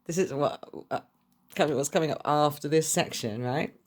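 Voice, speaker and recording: A woman's voice: low voice, moderate pace. A young woman reading tarot cards to camera in a chatty, gushing way, swearing freely. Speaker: tarot reader.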